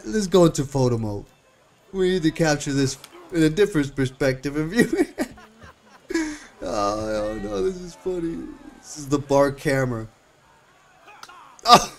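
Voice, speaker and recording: A man streaming live gameplay, reacting with lots of laughter and slangy, excited commentary. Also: mid-range voice. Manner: slangy and swearing. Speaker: game streamer.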